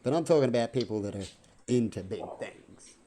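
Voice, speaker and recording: A man's voice: medium pitch, lively intonation, a little fast, mellow, slight background noise. A man, rambling through a casual vlog monologue full of rhetorical questions. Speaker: vlogger.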